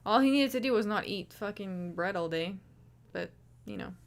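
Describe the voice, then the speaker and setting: A woman's voice: medium pitch, expressive, normal speed, gravelly. A woman hosting a livestream, chatting casually and rambling with swearing and lots of restarts. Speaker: livestream host.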